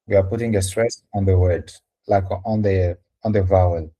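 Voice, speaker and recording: A man's voice: sits low, steady tone, normal speed, mellow, lo-fi sound. A man whose first language is French, patiently teaching French letters and sounds in English during a live lesson.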